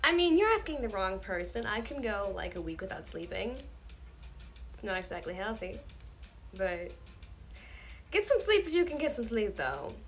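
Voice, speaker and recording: A woman's voice: mid-range voice, sing-song, moderate pace, pauses often. A woman in her twenties from the United States, tired and sleepy, chatting casually with fans on a livestream. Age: 20s. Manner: soft-spoken, drifting, chatty with fans. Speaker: singer hosting a fan livestream.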